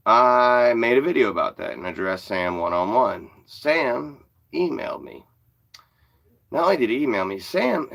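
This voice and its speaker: A man's voice: fairly low pitch, a bit bright. A man in his forties ranting bluntly to the camera, sarcastic and swearing often. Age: 40s. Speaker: YouTuber. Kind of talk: profane ranting commentary.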